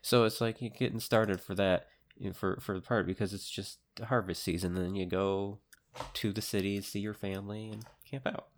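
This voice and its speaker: A man's voice: on the low side, fairly even intonation, a little fast. A man co-hosting a podcast in casual chat, rambling and hesitant, with many restarts. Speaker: podcast co-host.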